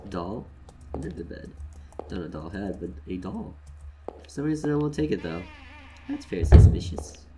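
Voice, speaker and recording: A man with a very low voice gives joking game commentary that swings widely in pitch. He drops to mumbles, then bursts out loud. Steady noise sits under his voice on the recording. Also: moderate pace, pauses often. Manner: joking, jumps between mumbles and loud outbursts. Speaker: let's play gamer.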